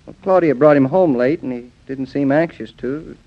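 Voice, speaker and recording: An actor playing a cheerful young architect husband with a breezy, jovial manner, in an old radio drama. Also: male voice, mid-range voice, moderate pace, close to an everyday voice. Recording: dull lo-fi old radio recording.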